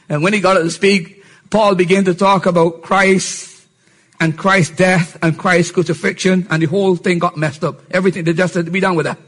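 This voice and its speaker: A man's voice: high-pitched, little pitch movement, moderate pace, a bit bright. A male pastor preaching a sermon with emphatic rhetorical questions and repeated refrains.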